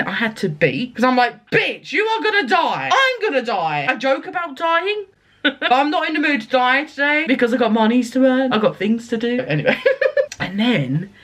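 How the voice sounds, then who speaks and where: A woman's voice: high-pitched, a bit bright. A woman telling a rambling story to her vlog audience, chatty, laughing and swearing along the way. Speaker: vlogger.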